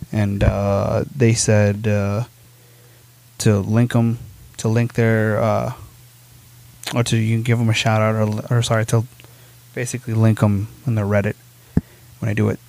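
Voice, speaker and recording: A man's voice: fairly low pitch, gravelly, a little mellow. A man hosting a podcast, reading short horror stories aloud and chatting, often stumbling over words and correcting himself. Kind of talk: casual reading and chat.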